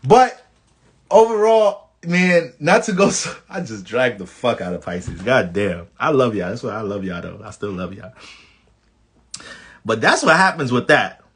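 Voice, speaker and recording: Man from the Bronx, New York accent, mid voice, profane and animated casual astrologer. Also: medium pitch.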